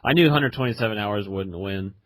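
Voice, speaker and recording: A man's voice: fairly low pitch, fairly quick, no echo. A man co-hosting a podcast in casual chat, rambling with lots of fillers. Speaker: podcast co-host.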